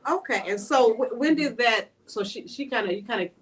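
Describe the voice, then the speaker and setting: A woman hosting an interview, asking gentle, probing questions and affirming her guest. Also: a little high, expressive, brisk, distant mic. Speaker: interviewer host. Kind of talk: conversational interview.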